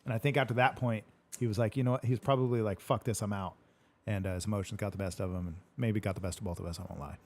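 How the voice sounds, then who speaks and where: Fast-paced male podcast host, casual and profane, animated retelling. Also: lowish voice. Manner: swears a lot, retells arguments animatedly. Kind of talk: casual chat.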